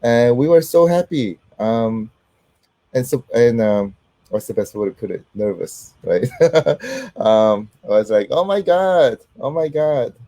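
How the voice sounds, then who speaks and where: A middle-aged man hosts a casual livestream while fighting off an illness, his voice not fully recovered. His tone is mellow and close, with a dry, roomless sound. He talks haltingly, filling gaps with um and uh. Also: lowish voice, very animated, dry recording. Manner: halting, heavy with um and uh, warm greetings to viewers. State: sick, voice not fully back. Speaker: host.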